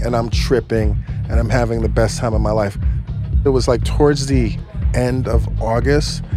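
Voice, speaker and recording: A man from the United States tells an animated personal story, peppering it with "like". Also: medium pitch. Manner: animated, heavy use of 'like'. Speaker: storyteller guest. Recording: music playing underneath.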